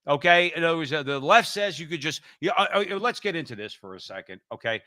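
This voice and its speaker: A man's voice: fairly high pitch, lively intonation, quick pace, pushed and bright, no room sound, clean studio sound. A man co-hosting a political talk show, heated and emphatic, often repeating himself as he builds his point. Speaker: co-host.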